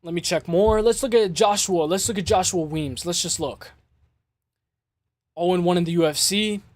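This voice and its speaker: A man hosting a casual MMA show, breaking down fights in an excitable way, swearing and repeating himself. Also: high-pitched, moderate pace, no room sound. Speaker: MMA podcast host.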